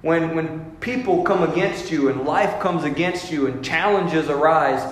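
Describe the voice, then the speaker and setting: A man's voice: on the high side, measured pace. Man preaching in an echoing hall. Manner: emphatic, conversational preaching that acts out everyday voices. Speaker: pastor. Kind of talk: sermon. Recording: very echoey hall with long reverb.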